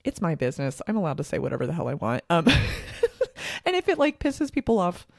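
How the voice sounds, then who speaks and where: Woman, thirties, gravelly, dry close sound, sarcastic podcast co-host. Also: fairly low pitch, huge pitch swings, fairly quick, dry recording. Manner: sarcastic, laughing, filler-heavy. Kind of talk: casual podcast chat.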